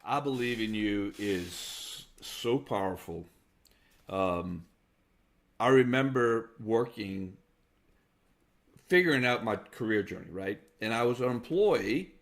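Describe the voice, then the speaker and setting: A man's voice: fairly low pitch, moderate pace. A man hosting a podcast interview, who listens and affirms, then reflects on his own career and mentors. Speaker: podcast host. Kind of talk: conversational interview.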